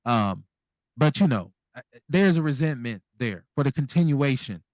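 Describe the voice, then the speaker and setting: A man hosts a call-in radio show, speaking bluntly and candidly with lots of profanity. His voice sits in an ordinary middle pitch. The sound is dry and close to the mic. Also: lively intonation, normal speed, no echo. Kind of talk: casual call-in radio talk.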